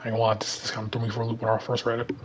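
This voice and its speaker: Southern man, casual comic breakdown, rambly, fillers, flat monotone delivery. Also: medium pitch, racing, background noise. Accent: Southern American. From Alabama. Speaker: comic reader and commentator.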